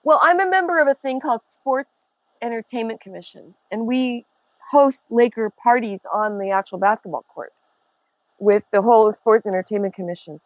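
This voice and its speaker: An older woman guest, telling lively stories and gossip in casual chat over a remote connection. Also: a little high, normal speed, dry recording, low-quality recording. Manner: gossipy, animated storyteller who laughs often. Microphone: remote call.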